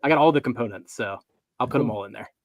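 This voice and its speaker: A man's voice: mid-range voice, fast, highs cut off. A man chatting casually and enthusiastically about a whiskey blend on a livestream. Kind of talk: casual chat.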